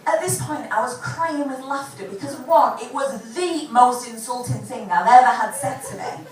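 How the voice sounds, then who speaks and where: A woman's voice: high voice, normal speed. A woman, doing a chatty, self-deprecating stand-up set at a pub gig and swearing freely. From England. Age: 40s. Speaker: stand-up comedian. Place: pub comedy gig with live audience. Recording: roomy distant live recording with background noise.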